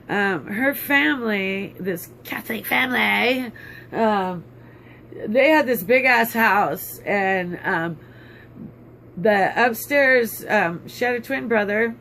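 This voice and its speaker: A vlogger tells a long personal story in a rambling, indignant manner, with plenty of fillers and restarts. The voice is bright and sharp. A faint background hiss runs under the talk. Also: mid-range voice, gravelly. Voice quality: bitter, indignant, with many fillers.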